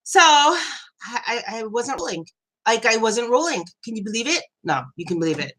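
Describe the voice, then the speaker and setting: A middle-aged woman hosting a casual live chat, animated and laughing, venting with lots of swearing. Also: on the high side, moderate pace. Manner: animated, laughing, ranting with profanity. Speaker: host.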